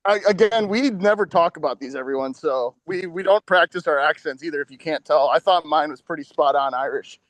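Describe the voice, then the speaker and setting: A man hosting a sports betting podcast, quick, joking and profane. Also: fairly high pitch, a bit bright, dry recording. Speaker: podcast host. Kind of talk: casual sports betting chat.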